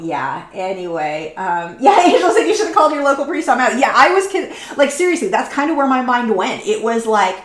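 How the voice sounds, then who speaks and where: A woman in her thirties telling stories in casual chat while painting live, rambling with lots of fillers and restarts. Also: mid-range voice. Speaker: artist hosting a live painting stream. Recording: echoey room.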